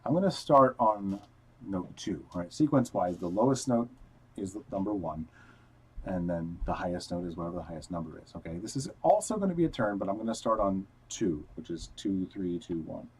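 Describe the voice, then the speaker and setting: A man's voice: low-pitched, lively intonation, fairly quick, slightly rough, rough recording. A man teaching guitar technique in a casual live-streamed lesson, explaining step by step and counting notes aloud while he plays. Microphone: headphones on, wired mic. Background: guitar playing.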